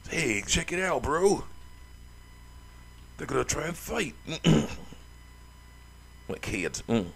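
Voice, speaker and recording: A man's voice: on the high side, big pitch swings, takes it slowly, gravelly, fairly bright tone, husky, voice pushed up, full character voice. A man voicing a cocky horse-headed male kickboxer thug in an Australian accent, swaggering and taunting. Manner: swaggering, taunting, calls people bro.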